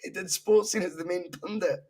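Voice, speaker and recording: A man's voice: high-pitched, fairly quick, crowd noise. A Scottish man in a casual football podcast chat, blunt and opinionated, swearing freely. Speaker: podcast co-host.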